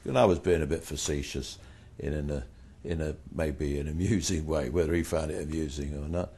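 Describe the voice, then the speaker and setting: Very low-voiced older man telling anecdotes. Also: a little fast, breathy edge. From Britain. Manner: blunt, animated anecdotes, voices rising in quoted retorts. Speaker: interviewee. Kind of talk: anecdotal storytelling.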